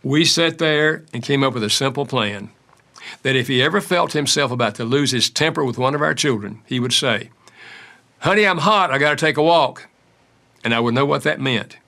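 Older guy author, gravelly bright voice, tells little stories and acts out the dialogue. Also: mid-range voice, fairly quick. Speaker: author and counselor. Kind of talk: storytelling interview answers.

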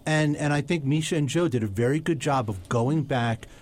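Relaxed, thoughtful male podcast host. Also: a little high. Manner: relaxed, thoughtful, halting restarts. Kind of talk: casual interview chat.

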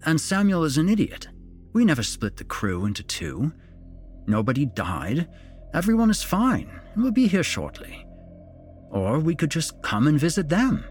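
A man's voice: a little high, normal speed, faint music behind, voice pushed up. A man doing an eerily cheerful father. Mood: evasive. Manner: smooth, insistent, robotic calm. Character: strange middle-aged father, evasive, falsely cheerful.

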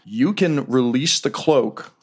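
A man narrating a tabletop game as game master, telling the scene in a loose, relaxed way with fillers. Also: mid-range voice, slow pace, slightly rough.

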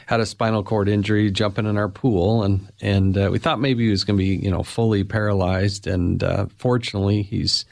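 A middle-aged man hosting a podcast interview, speaking in a measured, sincere way. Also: on the low side, fairly even intonation, creaky, a little mellow. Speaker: podcast host. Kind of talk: conversational interview.

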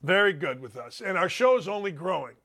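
Older male sports host, bright, edgy tone, loud, rambling, emphatic. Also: sits high, expressive, brisk. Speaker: sports talk show host. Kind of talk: animated talk show monologue.

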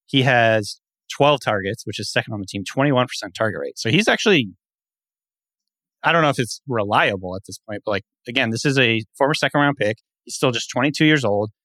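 A man with a lowish voice co-hosting a podcast, speaking steadily as he works through numbers. The sound is close and dry, with no room around it. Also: no echo. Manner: steady, lays out stats at length. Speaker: podcast co-host. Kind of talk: casual sports podcast chat.

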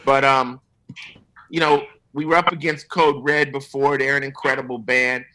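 A man's voice: mid-range voice, normal speed, low-quality recording. A man guesting on an interview, telling stories casually and profanely, acting out what others said. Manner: profane, animated storyteller quoting others. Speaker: guest musician.

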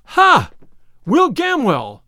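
A man's voice: sits high, sing-song, moderate pace, a bit bright, no room sound, studio quality, full character voice. A man voicing Robin Hood, a hearty, bold male outlaw leader who exclaims in old-fashioned speech.

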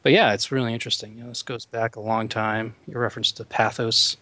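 A man's voice: mid-range voice, little pitch movement, quick pace, pushed and bright, no echo. Man explaining science in a dry voice. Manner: explanatory, many fillers like "you know". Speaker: neuroscientist guest. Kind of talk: casual interview talk.

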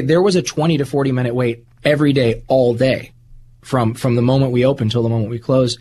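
A man's voice: medium pitch, fairly even intonation, brisk, background noise. A man interviewed as a guest, telling his life story in an earnest, rambling way and often repeating words. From United States. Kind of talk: candid conversational storytelling.

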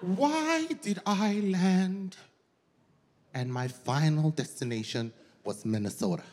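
A man's voice: fairly high pitch, animated, slow pace, very noisy. A stand-up comedian from West Africa, performing a sassy, flamboyant set and teasing the crowd as honey and girl. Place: large theater with live audience. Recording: long hall reverb, loud crowd.

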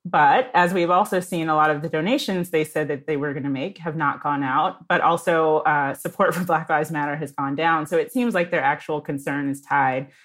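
A woman's voice: low voice, normal speed, hardly any pauses, fairly bright tone. A woman speaking as a podcast guest, thoughtful and conversational, laying out her views. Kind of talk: casual chat.

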